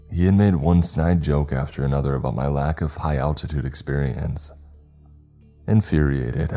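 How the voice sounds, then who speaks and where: A man narrating a first-person scripted horror story in a steady storytelling manner. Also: extremely low pitch. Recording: faint music underneath.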